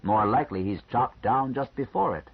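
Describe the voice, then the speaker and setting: A man reading an audiobook, voicing a calm male doctor who explains things frankly and matter-of-factly. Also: medium pitch, vocal fry, slightly rough. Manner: measured, matter-of-fact explaining. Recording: slightly muffled lo-fi recording.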